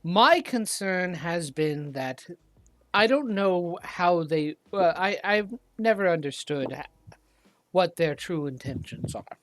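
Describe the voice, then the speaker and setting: A game master voicing Dorbo, a proud male deep gnome warrior leader who speaks sternly, with hesitant fillers, on a dry close mic. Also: animated, takes it slowly, fairly bright tone.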